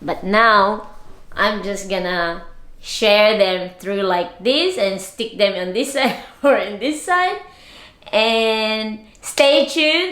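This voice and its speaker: A woman's voice: medium pitch, animated, slow pace, fairly bright tone. A woman from the Philippines, chatting casually to camera as a vlogger, giggly and prone to trailing off and restarting. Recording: roomy echo.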